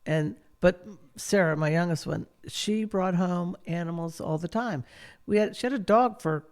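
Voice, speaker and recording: A woman's voice: lowish voice, moderate pace, darkish tone. A middle-aged woman talking casually as a guest, chatty and laughing often as she speaks. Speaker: guest, real estate broker. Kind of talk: casual conversation.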